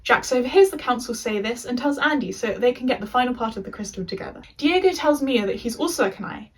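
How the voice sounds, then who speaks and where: A woman's voice: fairly high pitch, lively intonation, fast talker, breathy edge, distant mic, low-quality recording. A young English woman recapping a TV show in a casual, chatty rant with sarcastic asides. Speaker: video essayist.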